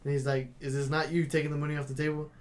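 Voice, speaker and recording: A young man co-hosting a podcast, telling profane, animated restaurant stories and acting out what people said. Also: on the high side, very fast. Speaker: podcast co-host. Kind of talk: casual chat, storytelling.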